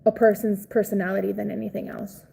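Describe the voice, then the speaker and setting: A woman's voice: medium pitch, level tone, fast talker, creaky, warm tone, slight background noise, low-quality recording. A Cuban woman hosting a casual livestream, chatting with viewers in a blunt, profane, outspoken way. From Cuba. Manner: chatty, reads and answers viewer comments. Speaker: livestream host.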